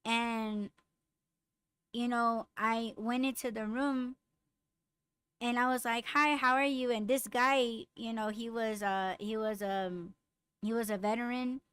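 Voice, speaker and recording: A woman hosting a podcast, chatting casually and bluntly with lots of swearing, getting raised and animated when riled. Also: on the high side, slow pace, long pauses, smooth. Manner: blunt, profane storytelling. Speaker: podcast host. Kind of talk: casual chat with live comments.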